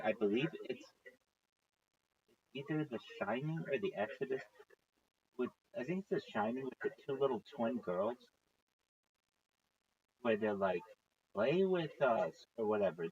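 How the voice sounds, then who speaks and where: On a casual livestream, a man with a medium-pitched voice and vocal fry tells a rambling story, swearing often and acting out what others said in lively voices. The stream audio is dull and lo-fi.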